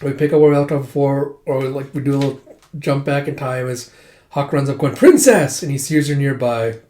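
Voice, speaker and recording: A man casually retelling a comic chapter, lively and quick to react. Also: mid-range voice, reverberant.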